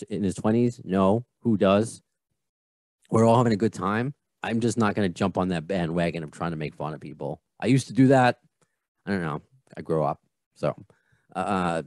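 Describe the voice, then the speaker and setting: Low-voiced chatty man in his thirties. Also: darkish tone, no echo. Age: 30s. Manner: rambling, chatty, self-correcting. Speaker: podcast host. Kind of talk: casual chat.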